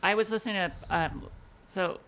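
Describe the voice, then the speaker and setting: A man's voice: sits high, moderate pace, pushed and bright, smooth. A man co-hosting a podcast in casual chat, curious and a bit hesitant, asking many questions. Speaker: podcast co-host.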